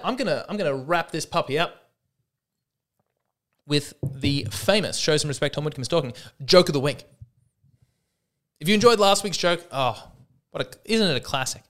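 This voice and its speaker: A man's voice: fairly high pitch, fairly bright tone. A man hosting a solo comedy podcast, talking in a wry, self-mocking way and acting out the voices in his jokes. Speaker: podcast host.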